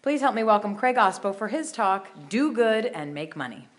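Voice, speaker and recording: A woman's voice: medium pitch, sing-song, normal speed, very noisy. A woman hosting a conference, reading a prepared introduction of the next speaker with a few light asides. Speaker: conference host.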